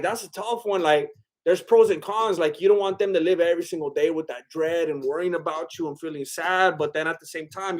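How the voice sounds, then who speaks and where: A man hosting a casual live stream, rambling and joking with his chat, full of "like" and restarts. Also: a little high. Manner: loose, chatty, breaks into bits of song.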